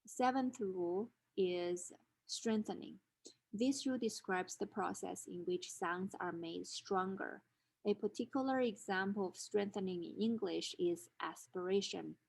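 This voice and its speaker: A woman's voice: medium pitch, measured pace, vocal fry, darkish tone, slightly rough. A woman instructor giving a methodical recorded lecture, explaining rules step by step with examples. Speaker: linguistics instructor.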